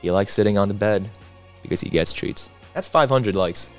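A low-pitched man hosts a casual livestream, reading out viewer comments in a relaxed, chatty way. Soft music plays faintly behind him. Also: moderate pace. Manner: relaxed, reads chat aloud, chatty asides. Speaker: livestream host.

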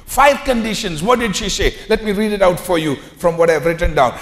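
A man preaching a sermon, acting out the lines he quotes, swinging from soft asides to loud calls. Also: sits high, moderate pace, few pauses. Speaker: pastor.

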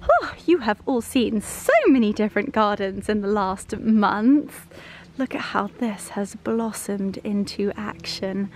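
A woman vlogging, chatting warmly and gushingly to her viewers and her dogs. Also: mid-range voice, measured pace, a little hiss or hum. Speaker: lifestyle vlogger. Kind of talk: casual vlog chat to camera.

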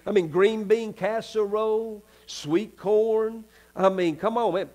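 A Southern US man preaches a sermon in a church, his voice sitting high for a man. He talks in a folksy, chatty way and keeps turning to the congregation with quick asides. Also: a little mellow. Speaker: pastor. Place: church sanctuary.

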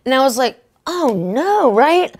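A woman minister telling a testimony in a sermon, excitable, often laughing and asking "right?" and "okay?". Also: high voice, unhurried. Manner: laughs often mid-sentence.

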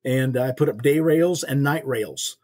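Husky older man telling a heartfelt story. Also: medium pitch, unhurried, darkish tone. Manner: earnest, folksy storyteller acting out quoted voices. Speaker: podcast guest. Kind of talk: storytelling testimony.

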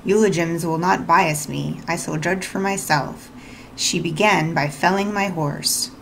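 A woman reading the lines of a brusque, commanding gentleman from a storybook read-aloud. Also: fairly low pitch, steady tone, measured pace, gravelly, a little hiss or hum, poor audio. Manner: curt, questioning, commanding. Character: brusque commanding gentleman, middle-aged man.

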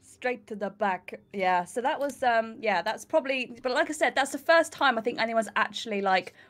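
A young woman from Britain co-hosting a gaming livestream, chatting casually, giggly and quick to act out little scenes in funny voices. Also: on the high side. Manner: chatty, giggly, lively storytelling with put-on voices. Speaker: stream co-host. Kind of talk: casual chat while gaming.

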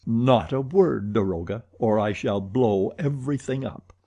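A menacing masked madman with a husky, mellow voice, every word slow, deliberate and coldly mocking, as a male audiobook reader plays him. He talks at an unhurried crawl and is theatrical in his cruelty. It is an audiobook character reading. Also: medium pitch, lively intonation, highs cut off, heavily acted.

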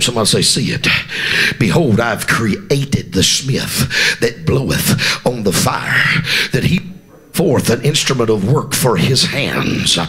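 A man's voice: medium pitch, fairly bright tone. A man with a Southern Georgia accent preaching a live revival sermon in church, chanting his phrases with rhythmic "uh" breaths and calling out to the congregation. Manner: calls out to the congregation for responses. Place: church during a revival service.

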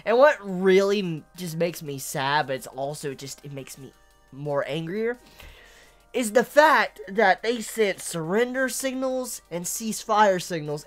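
A woman's voice: lowish voice, lively intonation, a little slow, faint music behind. A woman reviewing anime in an angry, profane rant, stumbling over and repeating her words.

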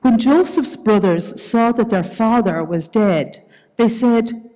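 A woman with a Northern Irish accent leading worship and reading scripture aloud in a church service, slow, measured and soft-spoken. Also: on the high side. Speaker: worship leader. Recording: reverberant church hall.

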